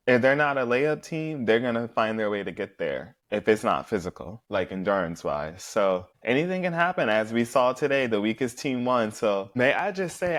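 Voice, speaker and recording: Guy doing a casual swear-heavy show recap, blunt and chatty, regular mid pitch. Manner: profane, blunt, acts out contestants' lines. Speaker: podcast host recapping a reality show.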